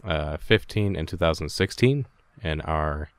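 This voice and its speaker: Rambling, joking podcast host. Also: male voice, a bass voice, expressive, a little slow, no echo. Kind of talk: casual chat. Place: home, over a voice call. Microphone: headset.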